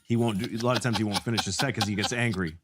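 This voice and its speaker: A man's voice: very fast, background noise. A middle-aged man telling a comedy story in casual chat, acting out other people's lines. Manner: animated, acts out quotes in high squeaky voices.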